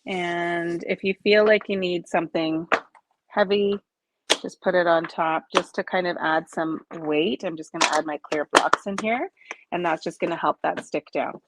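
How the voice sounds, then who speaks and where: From her home desk, a woman in her forties hosts a live crafting stream, chatting casually with viewers, explaining each step and often laughing at herself. Her voice is lowish and steady at normal speed, and the recording is very noisy.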